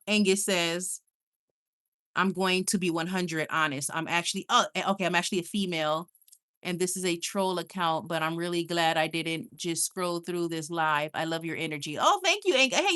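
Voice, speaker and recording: Reading viewers' comments aloud on a casual live stream, a young host with a fairly low voice reacts animatedly and emphatically. She's quick to laugh and frequently says things more than once.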